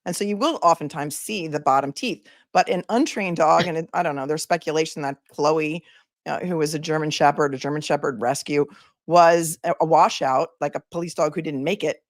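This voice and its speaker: Lady lawyer hosting a live legal chat, lowish voice, dry close sound, punchy and animated. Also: fairly quick, no room sound. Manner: animated, emphatic listing. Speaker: attorney and show host. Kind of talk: casual legal talk livestream.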